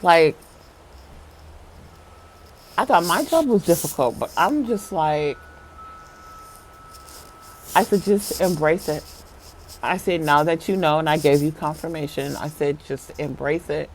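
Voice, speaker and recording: A spiritual vlogger casually telling viewers a story, swinging from hushed talk to loud, laughing bursts, with lots of "like" and casual swearing. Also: mid-range voice, lively intonation, unhurried, long pauses, slight background noise. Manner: filler-heavy, lots of "like".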